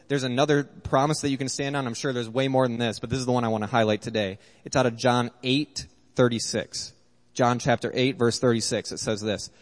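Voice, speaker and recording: A man preaching an earnest sermon as a pastor, reading scripture aloud. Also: mid-range voice. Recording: long hall reverb.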